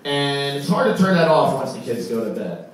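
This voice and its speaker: A man doing a stand-up comedy set on a club stage, deadpan and halting, with many fillers. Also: medium pitch. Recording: echoey room, far from the mic, faint crowd noise.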